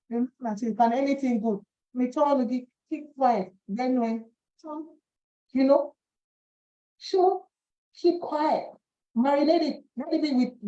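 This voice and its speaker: A woman giving a devotional Bible teaching, animated, repeating phrases and acting out quoted voices. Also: fairly high pitch. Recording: dull lo-fi recording.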